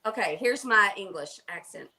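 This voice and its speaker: A woman's voice: medium pitch, lively intonation, moderate pace, background noise. A woman in casual livestream banter, teasing and laughing, heard over a video call.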